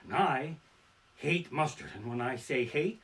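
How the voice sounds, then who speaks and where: Swearing, animated stand-up comic ranting. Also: male voice, medium pitch, a little slow. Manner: ranting, swearing, swinging between mutters and outbursts. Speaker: stand-up comedian. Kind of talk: profane stand-up storytelling. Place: his living room. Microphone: barebones home setup.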